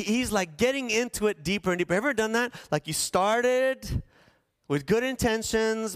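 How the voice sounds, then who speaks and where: A man's voice: high-pitched, a bit bright, clear, resonant tone, dry recording, clean studio sound. A man preaching a sermon, retelling a scripture story with playful asides and questions to the congregation. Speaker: pastor.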